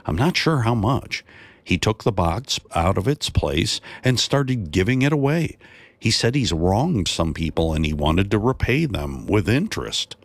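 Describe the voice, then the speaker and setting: A man's voice: on the low side, very animated, creaky, dry recording, voice pushed up, heavily acted. A man voicing a fretful, exasperated wife. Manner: quick, fretful complaining. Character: anxious, exasperated wife of a wealthy tax collector.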